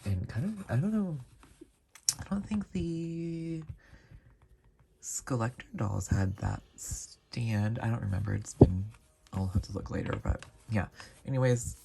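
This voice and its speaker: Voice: medium pitch, animated, unhurried, vocal fry, background noise. A channel host giving a casual, chatty doll review, rambling with frequent asides.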